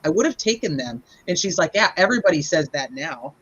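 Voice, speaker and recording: A man's voice: a little high, sing-song, brisk, a bit bright, slightly rough. Chatty man on a dull lo-fi call. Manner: chatty, retells court testimony in a rush. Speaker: podcast host. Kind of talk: casual chat.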